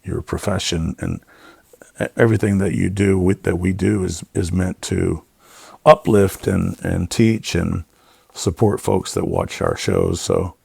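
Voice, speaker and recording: Deep, creaky and a little breathy, this middle-aged man's voice is animated yet unhurried on a dry recording. He's a production designer chatting as an interview guest, telling warm, rambling stories full of fillers.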